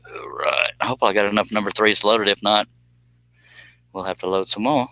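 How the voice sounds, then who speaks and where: A man's voice: on the low side, steady tone, moderate pace, bright, forceful tone, no room sound, rough recording. A man, casually chatting and joking with viewers on a live stream while doing scroll saw work in his workshop.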